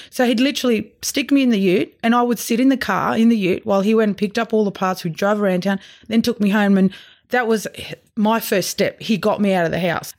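A woman's voice: medium pitch, a little mellow. A middle-aged Australian woman telling her own story in a candid, emotional interview. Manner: open and emotional, quick asides. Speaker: guest sharing her recovery story.

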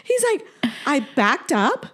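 A woman's voice: high-pitched, big pitch swings, takes it slowly, a bit bright. A woman co-hosting a podcast, telling a story in casual chat, acting out quotes and laughing often. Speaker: podcast co-host.

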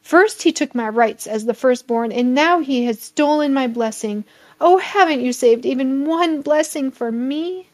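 A woman's voice: on the high side, flat delivery, extremely slow, gravelly, few pauses, mellow, heavily acted. A woman reading the lines of a desperate grown son begging his father, in an emotional, pleading way.

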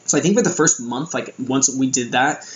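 A man's voice: medium pitch, normal speed, roomy sound, lo-fi sound, slight background noise. A young American man telling a casual story about his time abroad, rambling with lots of fillers and restarts. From United States. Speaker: vlogger.

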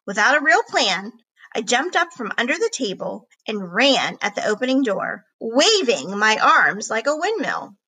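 Expressive woman reading a children's story. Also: a little high, slightly rough, low-quality recording. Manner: expressive, slow reading aloud. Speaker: reader. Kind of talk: storybook narration.

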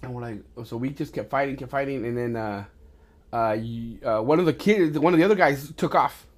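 A man in the middle range of pitch for his sex, telling stories to his son in a rambling, profane, casual way. He restarts his sentences often and grows loud and animated as the action builds. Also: brisk. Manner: rambling, with many restarts and swearing. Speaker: podcast host talking with his son. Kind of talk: casual storytelling chat.

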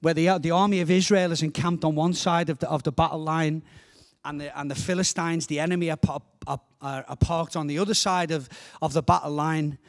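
A man's voice: fairly high pitch, steady tone, brisk. A man with a Liverpool accent preaching a passionate sermon as a guest speaker, often repeating words as he builds up his points.

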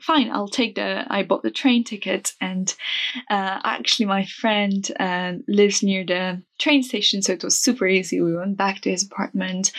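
A young woman casually retelling a travel mishap for a vlog, chatty and animated, with lots of fillers and restarts. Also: medium pitch.

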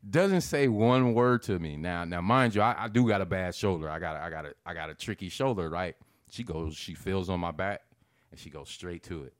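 A man telling a story in loose, profane chat, his voice leaping up high whenever he acts out his own reactions. The sound is close and dry, with no room around it. His delivery stays animated and lively from line to line. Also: fairly quick, no echo. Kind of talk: casual storytelling.

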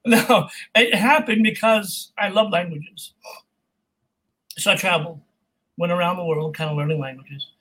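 A man from California, a voice actor, chatting as an interview guest in an animated, jokey way. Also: high voice, moderate pace, slightly rough, poor audio. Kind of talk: casual interview chat.

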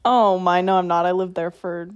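A woman's voice: fairly low pitch, steady tone, clear, resonant tone, dry recording, muffled recording. A woman co-hosting a podcast in casual chat, talkative and laughing easily. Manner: chatty, laughs often, quick asides. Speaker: podcast co-host.

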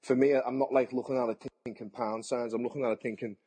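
A man's voice: mid-range voice, level tone, quick pace, mellow, husky. A man, a boxer talking bluntly and chattily in an interview, often repeating his words. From England. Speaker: boxer and TV pundit. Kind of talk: casual interview.

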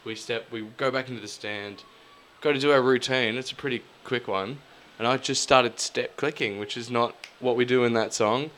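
A man with a medium-pitched voice talks fairly quickly, with a little hiss or hum in the audio. Co-hosting a podcast, he tells rambling, sweary stories in casual chat, complete with animated impressions.

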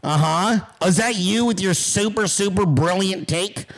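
A man with a high-pitched voice hosts a livestream and rants straight at his chat. He swears freely and mocks commenters with biting sarcasm. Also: moderate pace, slight background noise, rough recording. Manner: sarcastic, mocking, ranting at chat. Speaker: livestream host. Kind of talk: profane livestream rant.

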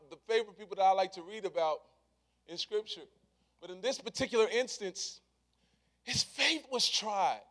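A man preaching a sermon in casual, conversational words, repeating his points and swinging from hushed to loud. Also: very high voice.

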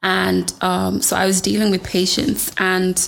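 A woman's voice: mid-range voice, completely flat delivery, unhurried, gravelly, fairly bright tone. A young woman from Ireland in casual chat, talking bluntly and frankly.

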